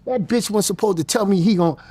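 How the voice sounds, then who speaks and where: A man's voice: high-pitched, brisk, warm tone, breathy edge. A man, telling his story bluntly and profanely as an interview guest. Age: 50s. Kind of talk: casual storytelling.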